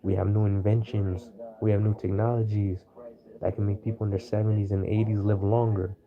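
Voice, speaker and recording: A man with a somewhat low voice talks his way through an unscripted monologue, stopping often to hunt for the right word. The audio is a little dull and lo-fi. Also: little pitch movement, brisk, a crowd in the background. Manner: rambling, searching for words with many fillers. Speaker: astrology video host.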